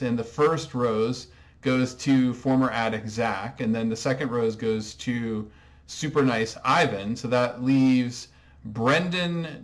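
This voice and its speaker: A man hosting a comedic TV recap monologue, talking in a dry, sarcastic way. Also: medium pitch. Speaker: recap host.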